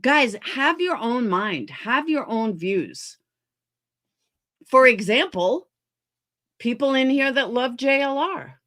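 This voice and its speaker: A woman's voice: high-pitched, animated, slow, pauses often, a bit bright. A woman streamer ranting heatedly about other creators, swearing often and sounding exasperated. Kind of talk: livestream commentary rant.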